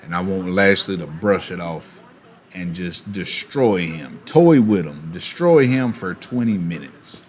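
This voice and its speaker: A man streaming and chatting casually, animated, with quick asides and laughs. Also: deep voice. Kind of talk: casual chat while opening cards.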